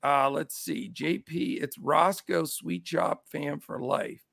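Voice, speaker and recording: A man's voice: a little high, slow, gravelly, dry recording, clean studio sound. A middle-aged man with a scratchy voice hosting a casual sports betting show, upbeat as he greets his chat. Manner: upbeat, shouts out chat names. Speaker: show host.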